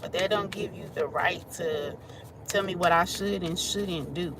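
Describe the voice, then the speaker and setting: A woman's voice: fairly low pitch, measured pace, a loud crowd. A woman doing a casual tarot reading, talking loosely and laughing often as she goes. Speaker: tarot reader.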